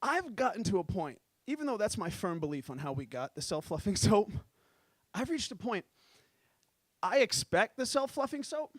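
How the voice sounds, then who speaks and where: A man performing stand-up comedy, telling stories in an animated, profane way. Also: high-pitched, moderate pace, no echo.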